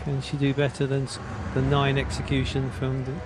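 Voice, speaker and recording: A man giving expert sports commentary, explaining the technique in a steady, informed way. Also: mid-range voice, brisk, heavy background noise.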